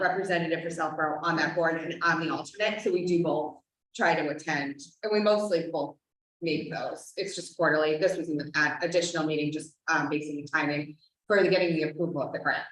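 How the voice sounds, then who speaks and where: A woman giving a hesitant update at a public board of health meeting, with many pauses and restarts. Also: low-pitched, a bit bright. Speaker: board of health member, alternate regional representative. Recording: roomy echo, distant mic.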